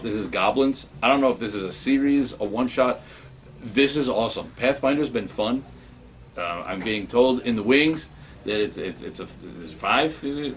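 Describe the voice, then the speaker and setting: A man giving a casual spoken review of comics, excitable and rambling, with many restarts. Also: medium pitch, slight background noise.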